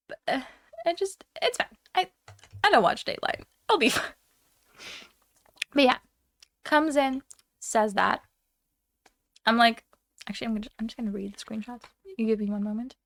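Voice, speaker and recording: A woman's voice: a little high, no echo, studio quality. Fired-up young woman ranting on stream. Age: young adult. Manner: heated, profane, animated storytelling. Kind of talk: casual ranting chat.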